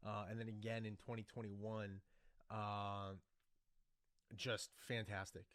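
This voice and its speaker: A man's voice: on the low side, flat delivery, slow, fairly bright tone, dry recording, clean studio sound. A man hosting a casual solo podcast, rambling through his thoughts with many fillers and restarts. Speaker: podcast host. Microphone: desk microphone.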